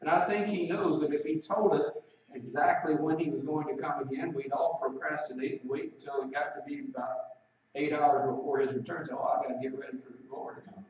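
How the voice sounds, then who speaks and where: A man preaching a sermon, reading scripture slowly and with emphasis between plain explanations. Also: on the high side. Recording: roomy echo, distant mic, dull lo-fi sound.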